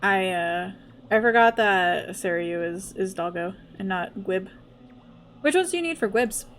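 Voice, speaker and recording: Chatty woman streamer with an animated voice. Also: medium pitch, measured pace, slight background noise. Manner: chatty, laughs often, coos at her dog. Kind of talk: casual livestream chat.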